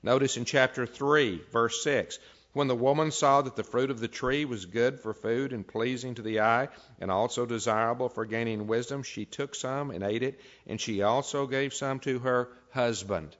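A pastor with a fairly bright, mid-range voice reads scripture aloud at normal speed, then builds into emphatic preaching during his sermon. The recording is dull and lo-fi.

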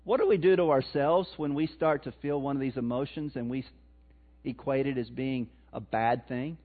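A man's voice: medium pitch, normal speed. A man preaching a sermon in a conversational way, putting questions to his congregation and answering them himself. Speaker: pastor. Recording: tinny phone-like sound.

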